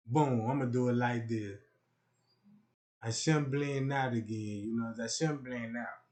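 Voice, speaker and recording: A man's voice: mid-range voice, steady tone, a little slow, a little mellow. A young man rambling through a crude comic livestream rant, boastful and repeating "you know what I'm talking about.".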